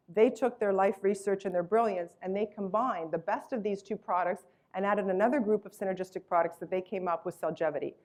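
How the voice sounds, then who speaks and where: A woman's voice: mid-range voice, a little mellow. A woman giving an enthusiastic, emphatic sales presentation about her company's products. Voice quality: acts out voices when retelling a story.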